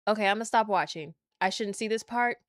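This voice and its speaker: A woman gaming streamer talking casually and excitably with her live chat. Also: mid-range voice, brisk, no room sound. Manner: excitable, chatty, talks to chat.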